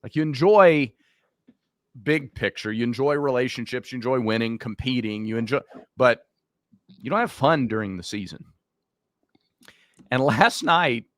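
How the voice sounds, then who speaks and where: A man with a raspy voice co-hosting a casual sports talk show, venting about his team. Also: medium pitch, expressive, unhurried, pauses often, fairly bright tone, dry recording, studio quality. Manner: apologetic, venting. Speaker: co-host.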